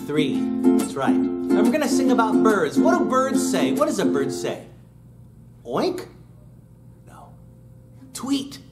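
A man's voice: high voice, sing-song, unhurried, pauses often. A man teaching young children, singing and asking questions in an upbeat way over his guitar. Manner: upbeat, sings with guitar, asks kids questions. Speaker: children's music class teacher. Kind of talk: sing-along lesson for kids. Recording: roomy room with loud guitar. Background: acoustic guitar playing.

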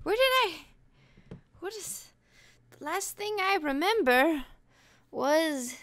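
A young woman narrating her game in a bubbly, theatrical way, acting offended for laughs. Her voice sits very high and swings around a lot. The tone is bright and clear. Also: lively intonation, slow. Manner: bubbly, dramatic, mock-offended. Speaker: gaming channel host. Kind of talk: casual gaming commentary.

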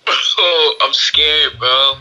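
A man talking on a call, suspicious and hesitant, with a very bright, sharp tone at a middling pitch. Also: extremely slow, poor audio. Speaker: prank target on a call.

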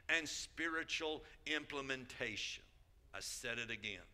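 A man's voice: fairly high pitch, animated, moderate pace, bright, forceful tone. A man preaching a sermon as a bishop, emphatic, repeating key phrases and calling out to the congregation.

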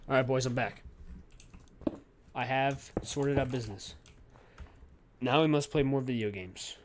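A young man narrates his gameplay in a loose, goofy way and talks to his pet and his viewers. His voice sits in an ordinary middle range. Keyboard clicks and typing are clearly heard behind him. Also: medium pitch, measured pace, noisy background. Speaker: gaming YouTuber. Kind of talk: casual gameplay commentary.

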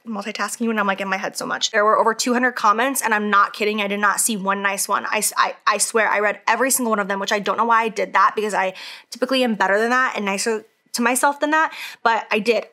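Bright-voiced woman vlogging while doing makeup. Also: mid-range voice. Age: 30s. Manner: candid, emotional, many "like" fillers; talks while applying makeup. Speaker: beauty vlogger. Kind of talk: casual talk to camera.

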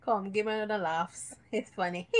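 A woman's voice: medium pitch, expressive, moderate pace, slight background noise. Jamaican woman, cooking show host, playful jokey chat, giggles often, home kitchen. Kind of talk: casual live cooking chat.

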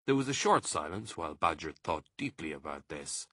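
A man reading a children's story aloud in an expressive storytelling manner. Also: low voice, moderate pace, slightly rough, no room sound, clean studio sound. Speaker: reader. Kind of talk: audiobook narration.

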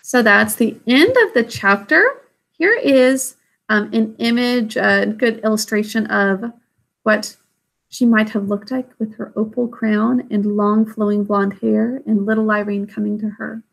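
A woman's voice: fairly high pitch, measured pace, creaky, fairly bright tone. A woman reading a classic children's novel aloud chapter by chapter, then chatting about it. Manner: friendly, explanatory. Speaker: storybook reader.

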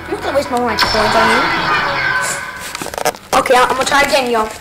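A young woman rambling casually over a driving game she is playing, excitable and swearing, yelling whenever something happens in the game. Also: on the high side, fairly quick. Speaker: gaming channel host. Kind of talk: casual gameplay commentary. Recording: roomy with game music behind.

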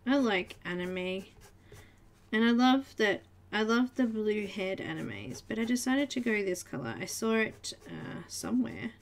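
A woman's voice: mid-range voice, animated, a little slow, gravelly. An Australian woman hosting a live coloring tutorial, chatting with viewers in the chat and murmuring to herself as she works. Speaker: live art tutorial host. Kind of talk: casual live-stream chat while coloring.

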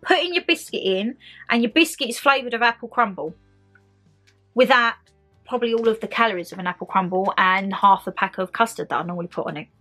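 A young British woman chatting excitedly to her viewers as she shows off a shopping haul at home. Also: medium pitch, brisk, faint music behind. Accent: British English. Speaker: vlogger. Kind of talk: casual shopping haul vlog.

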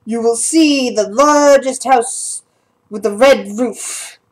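A woman voicing a polite male town guard who gives directions slowly and courteously. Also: a little high, low-quality recording.

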